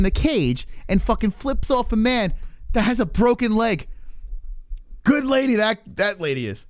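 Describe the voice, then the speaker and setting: Man, live stream host, heated profane rant, lively pitch, dry close sound. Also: measured pace, no echo. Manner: heated, profane, animated ranting.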